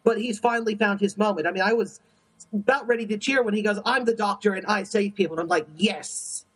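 Husky-voiced man giving his opinions. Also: sits high, fairly quick, fairly bright tone. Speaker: podcast co-host. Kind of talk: casual episode review chat.

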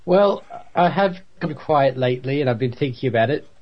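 A man's voice: mid-range voice, lively intonation, brisk, dull audio, a little hiss or hum. A man co-hosting a casual podcast chat and throwing in jokey asides. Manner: jokey interjections. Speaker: podcast co-host.

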